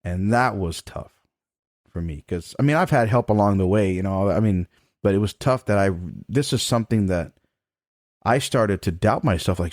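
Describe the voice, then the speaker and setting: This middle-aged man is a trombone professor sharing a personal story as a podcast guest, candid and conversational, cursing freely and laughing as he goes. He speaks at a moderate pace with fairly low pitch, lively intonation, and a darkish tone. The audio is studio quality, with no room sound.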